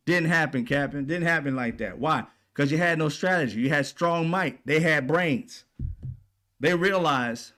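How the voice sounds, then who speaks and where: A man with a fairly high voice rants through a heated political commentary. He swears freely and fires rhetorical questions at his listeners in an indignant, combative tone. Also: moderate pace, fairly bright tone. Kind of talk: ranting commentary.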